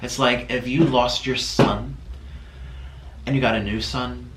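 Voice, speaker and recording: A man's voice: medium pitch, steady tone, heavy background noise. Upset man in an echoey room. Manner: tearful, halting, with many pauses and fillers. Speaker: vlogger. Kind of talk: emotional casual vlog talk.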